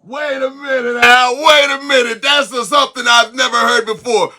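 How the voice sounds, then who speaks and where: A man's voice: extremely high pitch, steady tone, normal speed, few pauses, pushed and bright, soft background music. A man hosting a sports-betting show, talking up his picks in a rhyming, sing-song hype delivery. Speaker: host. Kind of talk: hyped sports-betting talk.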